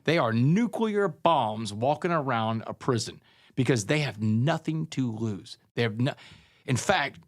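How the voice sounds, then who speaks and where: A man's voice: medium pitch, lively intonation, measured pace, no room sound, clean studio sound. Earnest man telling a hard story. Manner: earnest, conversational, calls people man and brother. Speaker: guest, author. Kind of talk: storytelling interview.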